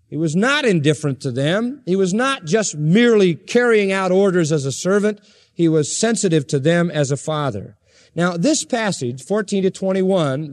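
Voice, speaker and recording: A high-voiced male pastor delivers an expository sermon. He speaks emphatically, driving each point home with chains of repeated parallel phrases. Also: darkish tone.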